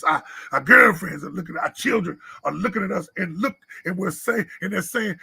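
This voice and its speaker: A man preaches with fervor, repeating his lines and now and then rising to a shout. His voice is high, raspy and gravelly, with a bright, tense edge. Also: expressive, normal speed, few pauses. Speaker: preacher at a men's church meeting. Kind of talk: sermon. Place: church live stream.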